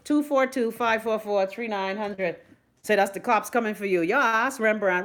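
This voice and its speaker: A young Bahamian woman hosting a live stream, chatting loudly to her viewers, gossipy and swearing freely. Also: medium pitch, normal speed. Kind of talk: casual live-stream chat.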